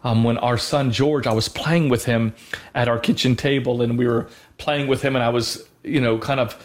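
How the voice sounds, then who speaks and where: Man, 30s, co-host of a faith talk show; earnest, halting, mid-range voice, lots of restarts. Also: medium pitch, steady tone. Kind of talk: faith talk with personal storytelling.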